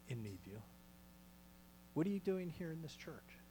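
Pastor preaching with hushed, dramatic swings. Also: male voice, on the high side, sing-song, normal speed, slight background noise, low-quality recording. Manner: dramatic swings from loud calls to hushed near-whispers. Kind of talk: sermon. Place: small church.

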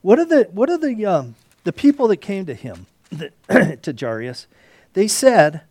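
Dramatic preacher man, whisper to shout. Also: high-pitched, big pitch swings, measured pace, dry recording. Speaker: pastor. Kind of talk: sermon.

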